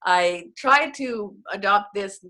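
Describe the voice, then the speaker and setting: Taking her time, a Canadian network marketing coach shares self-mocking stories in a casual video call chat, her mid-range voice bright and forceful.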